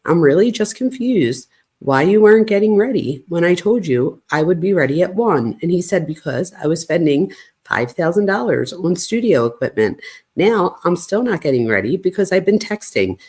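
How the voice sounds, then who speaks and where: A woman's voice: fairly low pitch, normal speed, husky. A woman hosting a true crime channel, casually reading a string of text messages aloud at home and stopping now and then to settle her dog. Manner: reads texts flatly, breaks off to calm her barking dog. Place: home, at night.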